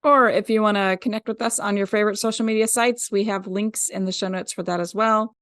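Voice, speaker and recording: A woman's voice: mid-range voice, steady tone, a little fast, fairly bright tone, dry recording, studio quality. A woman co-hosting a podcast, chatting casually and laughing easily. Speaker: podcast co-host.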